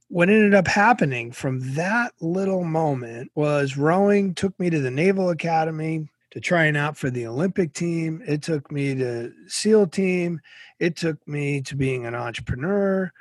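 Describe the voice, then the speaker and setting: A middle-aged man from Massachusetts, an interview guest telling a personal story in an animated way. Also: fairly high pitch, no room sound, clean studio sound.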